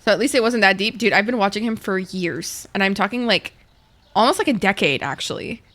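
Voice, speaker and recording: A woman's voice: mid-range voice, fairly quick, a bit bright. Woman, gaming livestream, casual chat, swears often, talks to viewers. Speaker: streamer.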